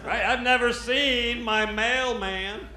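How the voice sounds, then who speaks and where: A brash American comedian rants on a club stage in a notably high voice, swearing freely. The sound is roomy and live, with audience noise around him. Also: male voice, slow. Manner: brash, profane, animated. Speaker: stand-up comedian. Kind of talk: stand-up comedy. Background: audience laughter.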